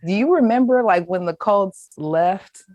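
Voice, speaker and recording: A woman's voice: medium pitch, expressive, darkish tone, dry recording, dull audio. A woman hosting an interview, asking playful questions in an upbeat way. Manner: upbeat, playful, quick to laugh. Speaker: host, interviewer.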